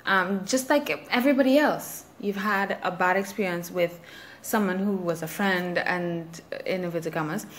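Woman podcast host, chill slow talker, candid and self-mocking, just musing out loud. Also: medium pitch. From Trinidad and Tobago. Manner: candid, reflective, self-deprecating, laughs at herself. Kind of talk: casual solo podcast monologue.

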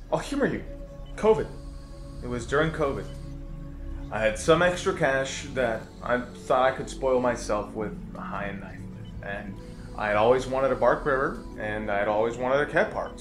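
A man's voice: medium pitch, roomy sound. A man telling his story casually and self-deprecatingly in a comedy sketch. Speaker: knife video creator.

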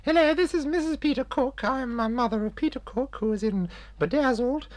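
A man voicing a proud, genteel elderly mother in a prim falsetto for an improvised comedy sketch. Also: a little fast.

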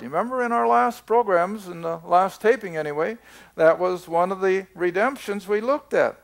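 Older guy bible teacher, kinda high voice with gravel, slow and emphatic. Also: animated. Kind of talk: televised Bible study teaching.

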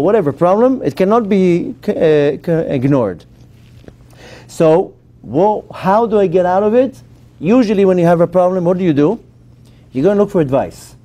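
Animated rabbi, mellow higher voice. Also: male voice. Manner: emphatic, animated teaching with questions to the audience. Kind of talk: Torah class to a live audience.

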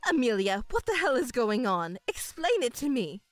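A domineering middle-aged mother, pompous and loud, her voice pitched high and pushing forward in a dramatized story reading, as a woman puts her on. The delivery is dry and close, with faint music underneath. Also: big pitch swings, normal speed, no room sound. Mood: insistent. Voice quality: loud and overbearing.

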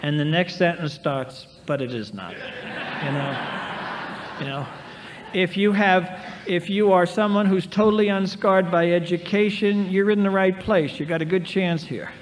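On reverberant 1990s tape with light hiss from a big convention hall, a sixty-something man speaks at a recovery meeting, spinning self-deprecating, wry stories. His voice sits high, with fairly even intonation at a normal speed.

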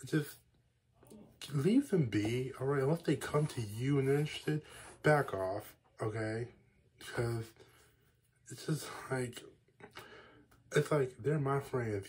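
A young man telling a story to his vlog audience in a rambling, animated way, full of asides and restarts. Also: medium pitch, takes it slowly, long pauses, slightly rough. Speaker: vlogger. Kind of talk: casual storytelling.

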